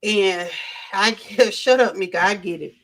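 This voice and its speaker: A woman's voice: mid-range voice, unhurried, a bit bright. A woman with a Southern American accent hosting a casual livestream, chatting loosely and greeting viewers by name, with frequent ums and restarts. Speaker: livestream host.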